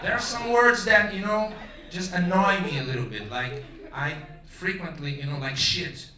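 A man's voice: high-pitched, moderate pace, crowd noise. A Brazilian man from Rio de Janeiro with a carioca accent, speaking English as a second language and doing a loose, profane stand-up set on a theater stage. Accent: Brazilian Portuguese, carioca. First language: Portuguese. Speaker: stand-up comedian. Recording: roomy theater, distant mic, loud audience.

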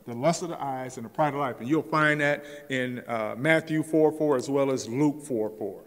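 Man teaching Sunday School in an echoey hall. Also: medium pitch. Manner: slow, emphatic scripture reading. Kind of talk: church lesson with scripture reading. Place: church. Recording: echoey church hall reverb.

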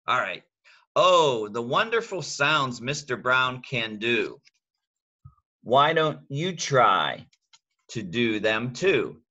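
Older man, grandfatherly bedtime reader, slow and bright, playful sound effects, coaxes kids along. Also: mid-range voice, big pitch swings. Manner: playful, coaxing children to copy animal and sound effects. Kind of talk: read-aloud bedtime story.

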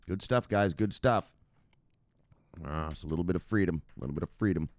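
Low-voiced rambling crypto show host, a man. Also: fairly quick, pauses often, a little mellow, dry recording. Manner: rambling, profane, with hype outbursts. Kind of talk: casual news commentary.

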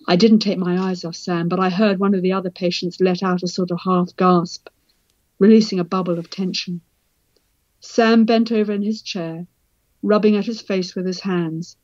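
A woman from Britain, an author and psychiatrist, reading from her book in a measured, reflective way. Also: lowish voice, fairly even intonation, darkish tone, no room sound. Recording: dull, slightly lo-fi sound.

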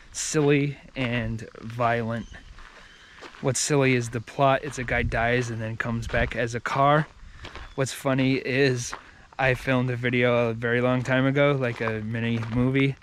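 A man's voice: mid-range voice, slight background noise. A man giving a casual, rambling movie review, with many fillers and restarts.

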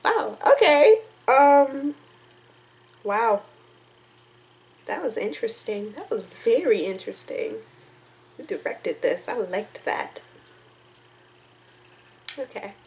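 A young woman rambles through her thoughts in an excitable, emotional way, her voice sitting a little high. She is talking to a home camera mic in a room at home. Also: takes it slowly, pauses often, a little hiss or hum. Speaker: YouTube reaction vlogger. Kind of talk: casual reaction chat.

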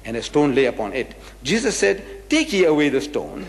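A man's voice: fairly high pitch, very animated, moderate pace. A man giving a religious lecture, reading scripture verses aloud and explaining them with rhetorical questions. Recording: echoey hall with long reverb.

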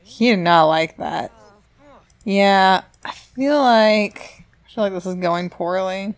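A woman's voice: on the low side, steady tone, a little slow. Chatty woman playing a life sim. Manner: chatty, reacts aloud to the game. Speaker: let's play gamer. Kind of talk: casual game commentary.

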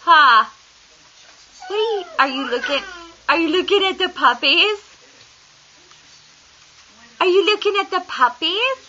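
A woman's voice: very high voice, expressive, measured pace, pauses often, pushed and bright. A woman talking baby talk to her little one at home, coaxing in a sing-song way and often laughing, recorded on a home camera. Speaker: parent filming her baby. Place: home, indoors. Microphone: handheld camera. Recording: dull lo-fi home camcorder audio.

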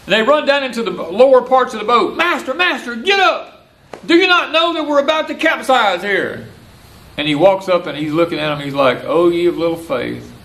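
Older Southern man with a lively voice, folksy porch preaching, outdoors. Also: fairly high pitch. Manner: folksy, repetitive, animated. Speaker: homesteader and former preacher. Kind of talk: porch-side preaching talk.

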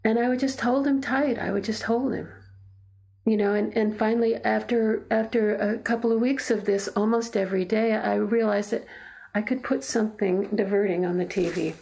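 A woman's voice: medium pitch, fairly even intonation, gravelly, mellow. A middle-aged woman, a mother, speaking earnestly and reflectively in a documentary interview at home. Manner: earnest, halting, reflective storytelling. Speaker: mother telling her story. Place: in her own home.

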